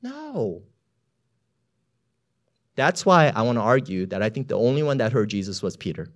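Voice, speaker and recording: A man preaching a storytelling sermon, chatty and full of filler words, swinging between hushed asides and loud emphasis. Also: lowish voice, lively intonation, fast talker.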